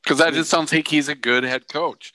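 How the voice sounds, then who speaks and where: A man in casual sports banter, lively and jokey, with quick asides. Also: on the high side, a crowd in the background.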